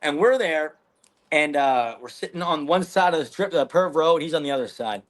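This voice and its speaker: Profane, animated guy telling a story. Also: a little high, brisk. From Canada. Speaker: podcast guest. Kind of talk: casual storytelling.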